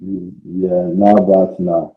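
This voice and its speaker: A man's voice: low voice, flat delivery, slow pace, phone-quality sound. A male student hesitantly sounding out words, heard over a call. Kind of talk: reading aloud syllable by syllable.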